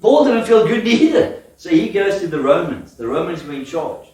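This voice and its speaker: A man's voice: high voice, very animated, moderate pace, a little mellow, distant mic. A man preaching a sermon in a church, telling stories with laughter and questions to the congregation. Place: church hall. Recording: echoey church hall from afar.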